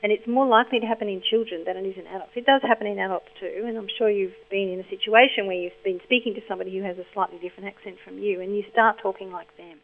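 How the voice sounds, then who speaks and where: A woman's voice: mid-range voice, steady tone, rapid-fire, few pauses. Female academic, patient and explanatory, heard over a phone line. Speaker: linguistics expert.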